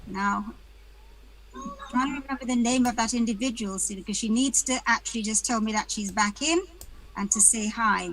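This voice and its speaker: A woman's voice: a little high, moderate pace, a bit bright, poor audio. A woman from the UK hosting an online panel, chatting casually and greeting attendees by name with light jokes over a video call. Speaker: webinar host.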